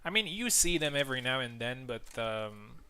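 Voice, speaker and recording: A man's voice: medium pitch, sing-song, moderate pace, sharp tone, clear, resonant tone. A man whose first language is a Latin language, commenting live on a game tournament in a casual way, with frequent fillers and restarts.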